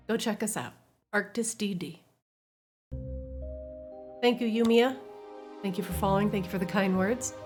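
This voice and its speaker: A woman hosts and runs a tabletop game stream, chatting casually with her players. She laughs often and her pitch moves freely. Faint music plays behind her voice. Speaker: game master and host. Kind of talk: casual chat and stream sign-off.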